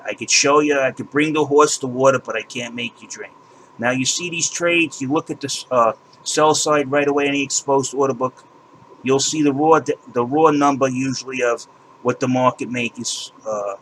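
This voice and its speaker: A man's voice: medium pitch, moderate pace, fairly bright tone, slight background noise, poor audio. A man hosting a channel, ranting with indignation and exasperation, swearing and repeating words as he walks viewers through his screen. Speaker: crypto channel host.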